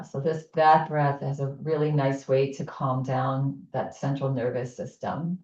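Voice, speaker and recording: A woman teaching a chair yoga class, guiding breathing exercises with gentle, calm instructions and soft affirmations. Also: extremely low pitch. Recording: echoey room, distant mic, dull sound.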